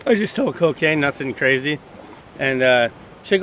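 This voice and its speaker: A man's voice: medium pitch, animated, moderate pace, a bit bright, slight background noise. A man telling a crude story in a rambling, swearing, casual way to his vlog camera outdoors by the sea. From Canada. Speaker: vlogger.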